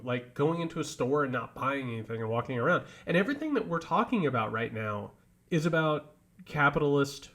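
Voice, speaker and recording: A man co-hosting a casual political podcast, talking in animated, emphatic bursts. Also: fairly high pitch. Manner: animated, rising emphatic outbursts. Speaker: podcast co-host.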